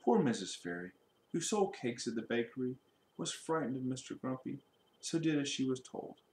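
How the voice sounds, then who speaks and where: Man reading a children's story, lively, asks questions, mid pitch, echoey room. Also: moderate pace.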